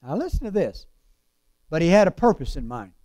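A man preaching a sermon with passion, drawing out key words slowly and then rushing through quick asides. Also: fairly high pitch, very animated, dark tone, no echo, studio quality. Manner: impassioned, swings between slow emphatic lines and fast asides.

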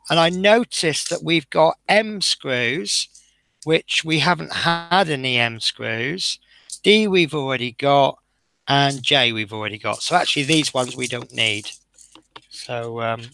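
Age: unknown. Sex: man. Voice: bright, gravelly. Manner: chatty, self-deprecating. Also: on the high side. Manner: chatty, self-deprecating, talks through each step. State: tired. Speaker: live-stream model-building host. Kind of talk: casual live-stream commentary.

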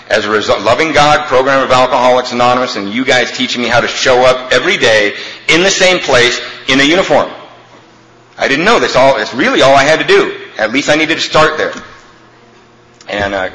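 A man speaking at a recovery meeting, telling a humorous story in an animated, comic way. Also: mid-range voice. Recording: echoey hall, faint ambience.

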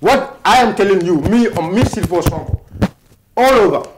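A man's voice: high voice, expressive, normal speed, background noise. A man with a Gambian accent, a protest movement spokesman answering interview questions insistently, often repeating himself and talking over the interviewer.

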